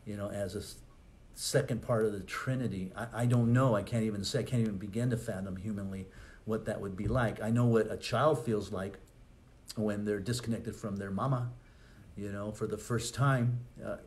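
A man's voice: on the low side, fairly even intonation, normal speed, a little mellow. A man, a pastor, preaching a conversational sermon with rhetorical questions and asides.

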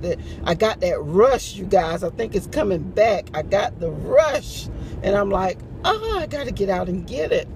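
A woman's voice: lowish voice, background noise. A woman in casual chat to camera as a couponing vlogger, dramatic and playful, hollering and laughing. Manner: dramatic, hollers and laughs often, slow drawn-out delivery.

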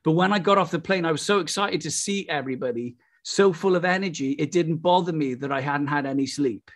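A middle-aged Welsh man preaching with exuberant, excitable energy. His voice sits fairly high for a man, and he tosses out exclamations as he goes. It has the feel of a charismatic sermon. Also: brisk. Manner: exuberant, breaks into laughter and exclamations.

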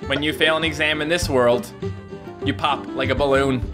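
A man giving casual gameplay commentary, excitable and jumping to high yelps when things go wrong. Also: moderate pace, over music. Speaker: gaming YouTuber.

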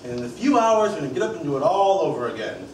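A man's voice: on the high side, very animated, fast, darkish tone. An actor playing a wry young male campaign staffer who jokes and laughs often, on a stage. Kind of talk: stage play acting with direct address to the audience. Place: theater stage. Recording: echoey stage, from far off, with hiss.

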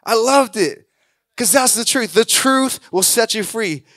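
A man preaching a sermon as a pastor, acting out quoted voices and building to loud exhortations. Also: very high voice, lively intonation, measured pace, no echo, studio quality.

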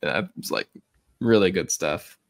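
A man's voice: low voice, lively intonation, moderate pace, no room sound. A man co-hosting a casual podcast over a remote call, chatting with wry, sarcastic asides. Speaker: podcast co-host.

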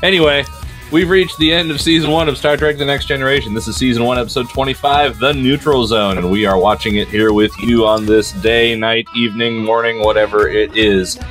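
A man's voice: medium pitch, flat delivery, fairly quick, fairly bright tone, faint music behind. A man hosting a casual commentary podcast, a rambling storyteller full of fillers who laughs often. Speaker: podcast host.

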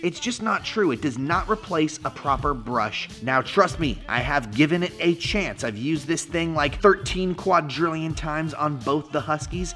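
A man's voice: a little high, animated, measured pace, few pauses, a bit bright, faint music behind. A young man giving a goofy, playful pet-product review vlog, breaking into silly voices. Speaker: vlogger.

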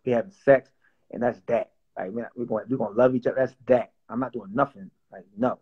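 A young man who writes and produces music talks in a relaxed, joking way, circling back on his words with plenty of fillers. His voice sits at a middle pitch for a man. The audio comes through a bit dull and lo-fi. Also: quick pace, breathy edge. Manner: loose and playful, lots of fillers and repeats. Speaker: songwriter and producer. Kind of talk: casual interview chat.

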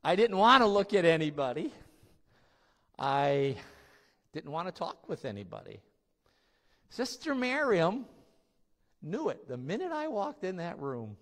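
A male pastor preaching in a church, telling his story with emphasis and the odd laugh. His voice is high and swings widely in pitch. He speaks slowly, and a long echo fills the hall. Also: sing-song, a bit bright. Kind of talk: sermon.

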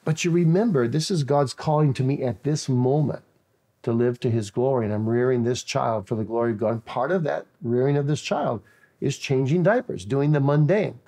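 A man's voice: mid-range voice, moderate pace, warm tone. A man who is a pastor and interview guest, answering in an earnest preaching style with stories and frequent restarts.

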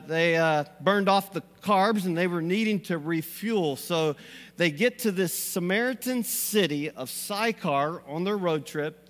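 In a church sanctuary with the long reverb of a big hall, a pastor with a high, slightly bright voice delivers a sermon. His style is folksy and rambling, full of fillers and little chuckles.

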